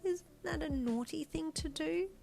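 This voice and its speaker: A woman voicing a bossy but sweet four-year-old girl in a high childlike voice. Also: a little slow, gravelly, warm tone, soft background music. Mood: shy whispering.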